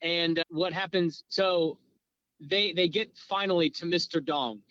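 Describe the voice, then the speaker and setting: High-voiced man spinning crude comic tales. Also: measured pace, dry recording, dull audio. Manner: crude, animated, pitch jumps for quoted voices. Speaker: podcast co-host. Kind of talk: improvised comedic storytelling.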